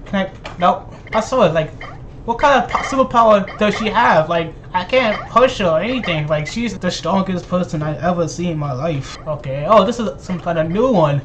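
A man hosting his gaming channel, giving excited gameplay commentary full of laughter and teasing trash talk. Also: high voice, normal speed, slight background noise.

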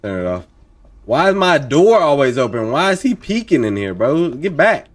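Young male let's-play host, higher voice, rhythmic repeating chatter. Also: very animated, normal speed, soft background music. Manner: repeats lines in chanting bursts, talks along with the game. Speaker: gaming channel host.

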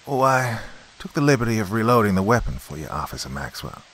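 A man voicing a short, chubby, bald priest who speaks gently and hesitantly. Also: on the low side, big pitch swings, quick pace. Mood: gentle.

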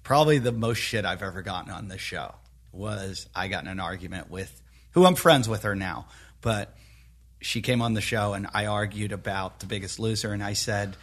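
Husky-voiced, blunt podcast host man. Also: on the low side, normal speed, fairly bright tone. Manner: opinionated, blunt, swears freely. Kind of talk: casual podcast chat.

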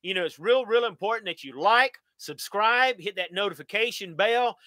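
A folksy middle-aged man from the answers viewer questions on a live stream. His voice sits high and bright, recorded close and dry. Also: lively intonation, moderate pace, no room sound. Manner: folksy, upbeat, talks straight to viewers. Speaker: channel host.

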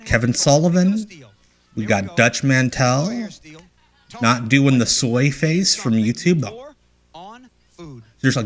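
A man hosting a live stream, chatting casually and joking about old wrestling footage, with rambling asides and restarts. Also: medium pitch. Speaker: stream host riffing on old wrestling shows. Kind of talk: casual commentary chat.

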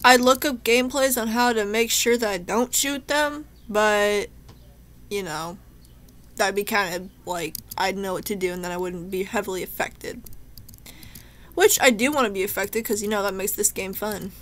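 A woman's voice: mid-range voice, normal speed, a bit bright. A young woman commentating her own gameplay, talking to herself in a chatty, emotional way and shaken to the point of tears. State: tearful, shaken. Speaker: gameplay streamer. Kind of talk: let's play commentary.

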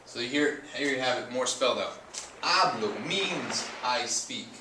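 A man's voice: mid-range voice, lively intonation, unhurried. A man teaching a Spanish lesson, patiently repeating and spelling out words as he explains verb endings. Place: outdoors at a beach. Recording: roomy, distant mic with loud noise.

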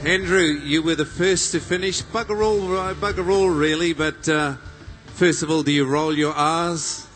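A man's voice: steady tone, normal speed, music in the background. A man, working as a live event MC, rousing the crowd and joking with competitors. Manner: loud, jokey, booming crowd-rousing. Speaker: event MC and interviewer. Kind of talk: live arena announcing and interviews.

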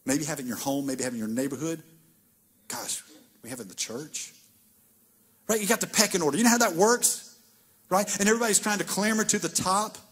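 A man preaching a conversational sermon as pastor, acting out biblical dialogue with lively asides. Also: a little high, brisk, pauses often, breathy edge.

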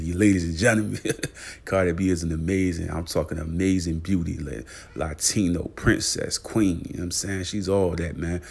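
A man hosting a casual celebrity news vlog, repeating fillers and shout-outs and hyping his viewers. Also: fairly even intonation, moderate pace. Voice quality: gravelly low voice. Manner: repetitive hype with constant fillers and shout-outs. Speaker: channel host.

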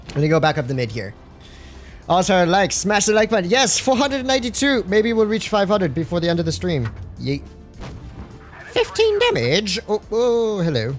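Excitable young man streaming gameplay. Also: a little high. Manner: excitable, slangy, jokey, talks to chat. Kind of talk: live gameplay commentary.

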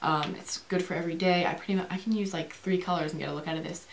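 A young woman chatting fast and rambling through a beauty product review, with many fillers and restarts, speaking to camera. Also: fairly low pitch, fairly even intonation, a little hiss or hum. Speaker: beauty vlogger.

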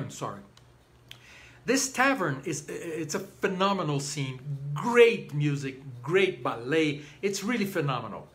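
A man with a high, lively voice gives an informal opera lecture. He acts out the characters as he tells the plot and breaks into short snatches of the arias. His pitch swoops up and down with the story. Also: slow pace. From Brazil.

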